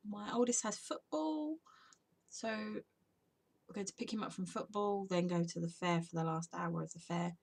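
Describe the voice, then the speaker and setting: In an off-the-cuff home vlog, a weary woman rambles to the camera, occasionally slipping into a whisper. Her voice is medium-pitched, gravelly and a little mellow. She works as a vlogger and podcaster.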